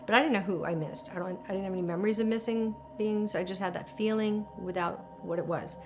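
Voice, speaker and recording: A woman in a documentary interview, telling a personal story in an animated, emotional way with lots of fillers. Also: mid-range voice, fast, music in the background. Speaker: interviewee recounting alien contact.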